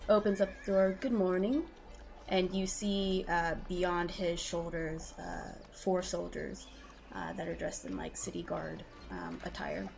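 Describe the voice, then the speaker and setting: A woman's voice: fairly low pitch, measured pace, creaky, a little mellow. A woman narrating as game master in a casual tabletop game, talking loosely with many ums and likes.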